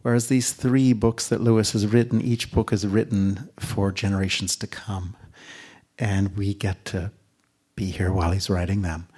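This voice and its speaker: A man introducing an author onstage, speaking slowly and deliberately, stretching words and sinking to a near-whisper for emphasis. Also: on the low side, a little mellow, breathy edge. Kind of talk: reflective spoken introduction.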